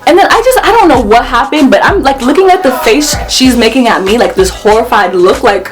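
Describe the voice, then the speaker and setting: A young woman telling a story on her vlog, animated and swearing as she acts out the quotes. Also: a little high, a little fast, music in the background. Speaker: vlogger.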